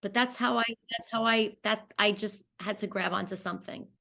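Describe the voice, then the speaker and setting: A woman's voice: mid-range voice, fairly even intonation, normal speed, creaky, bright, forceful tone. A woman in her forties, a cancer survivor, telling her personal story in an interview with candid talk and frequent fillers and restarts.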